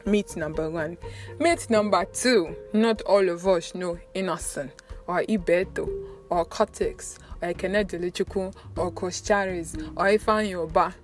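A young Nigerian-accented woman talks casually to her viewers, telling stories in an animated way. She laughs a lot and often repeats words. Background music plays clearly underneath her voice. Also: on the low side, a little slow. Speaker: vlogger. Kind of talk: casual chatty storytelling.

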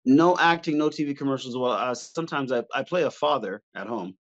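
A man's voice: mid-range voice, fairly quick. Playful man comedian on a lo-fi line. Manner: playful, laughs while talking. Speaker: comedian guest. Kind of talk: casual podcast chat.

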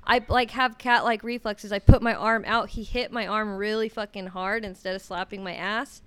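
A woman's voice: mid-range voice, fairly even intonation, normal speed, a bit bright, clean tone. A young woman chatting casually, telling a story bluntly and swearing a lot. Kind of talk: casual chat.

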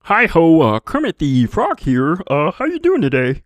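A friendly frog puppet, put on by a man, greets in a nasal, raised voice that leaps around a lot. He speaks slowly and sounds dry and close. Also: on the high side, huge pitch swings, dry recording. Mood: cheerful.

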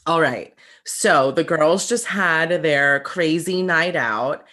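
A woman's voice: low-pitched, takes it slowly, fairly bright tone. A woman guest on a podcast, plainly summarizing a movie plot with a few fillers. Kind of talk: casual chat.

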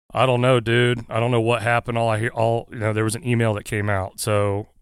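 This firefighter, appearing as a guest, tells his story in a low voice, earnest and halting, with many "uh" fillers. It feels like casual talk with a friend across the table. The recording is smooth, close, and dry, with no room sound.

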